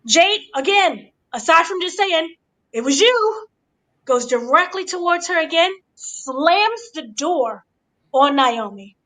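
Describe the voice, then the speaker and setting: A woman hosting a casual wrestling review, animated and acting out the quotes with gasps and shrieks. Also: very high voice, slow. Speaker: show host. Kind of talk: casual wrestling recap chat.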